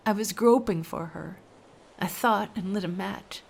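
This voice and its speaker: A woman's voice: mid-range voice, measured pace, vocal fry, husky. A woman telling a first-person story aloud, emotional, dropping to whispers at tense moments.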